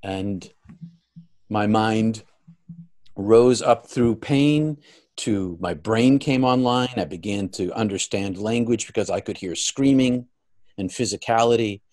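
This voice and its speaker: Man, guest, personal storytelling, earnest, deepish voice, loud peaks and quiet endings. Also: takes it slowly. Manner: earnest, swelling louder at high points, dropping soft at the close.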